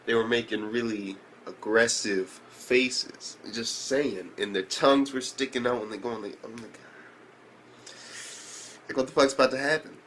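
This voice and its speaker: Casual male reviewer of mid pitch, cursing freely, rambling, with faint noise behind him. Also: normal speed, few pauses, a bit bright. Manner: profane, rambling, with shrill disbelieving outbursts. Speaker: anime reviewer.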